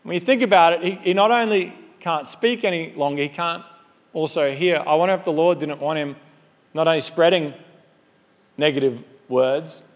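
A pastor preaching a sermon in an animated, conversational way with humorous asides. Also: male voice, on the high side. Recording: long hall reverb.

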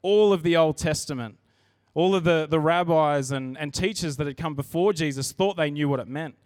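An earnest preacher, his voice a bit high for a man, speaks a sermon in a church in a conversational way, frequently restarting sentences. His pace is moderate and his tone a little mellow. The recording is close and dry, with no room sound.

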